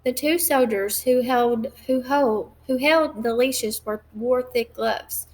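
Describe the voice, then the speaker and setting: A woman reading a novel aloud at a measured pace, with occasional slips and restarts. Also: a little high, a little mellow. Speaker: reader.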